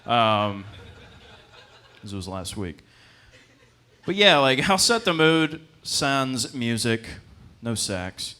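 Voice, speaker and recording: A young man performs stand-up at a comedy club, his medium-pitched voice animated, bright, and forceful. He goes slowly with long pauses, rambling and putting himself down, dropping plenty of ums and laughing at his own lines.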